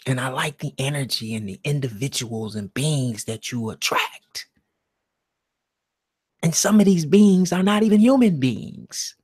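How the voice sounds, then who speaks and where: A man hosting a live stream alone, talking in a slow, meditative monologue that swings from loud emphasis down to a near-whisper. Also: medium pitch, animated, husky. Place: alone at home.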